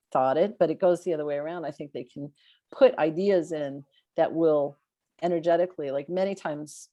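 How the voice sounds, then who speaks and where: A woman's voice: deep voice, dark tone. A woman panelist in a casual roundtable chat over a video call, earnest and searching for words as she talks.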